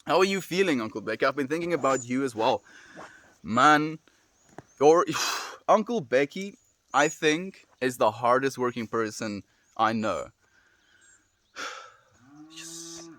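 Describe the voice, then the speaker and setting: A man's voice: mid-range voice, animated, a little slow, pauses often, a bit bright, no room sound. Young guy streaming, heartfelt and rambly, lots of sighs and "dude", dry close sound. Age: young adult. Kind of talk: casual chat with viewers.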